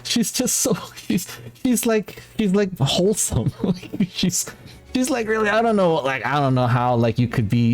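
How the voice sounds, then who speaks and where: A man from the Philippines hosts a laid-back talk stream with a mellow voice. He rambles on in an animated way and often breaks into laughter. Faint music plays behind him. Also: on the high side. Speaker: talk show host. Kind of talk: casual chat.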